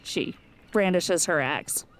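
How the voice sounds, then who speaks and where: A woman's voice: lowish voice, takes it slowly. A woman playing in a tabletop game, talking casually and laughing often. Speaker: player.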